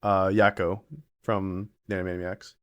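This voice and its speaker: A man streaming live, chatting casually and excitedly in a rambling way with many fillers. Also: sits low, measured pace. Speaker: streamer reacting to a panel video. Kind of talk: casual chat while drawing.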